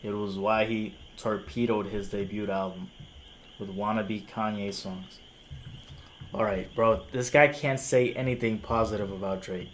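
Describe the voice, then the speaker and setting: A man's voice: lowish voice, steady tone, measured pace, slight background noise. A young man whose first language is Spanish, reviewing music on a live stream and arguing with a critic in casual slang. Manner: casual slang, incredulous and argumentative.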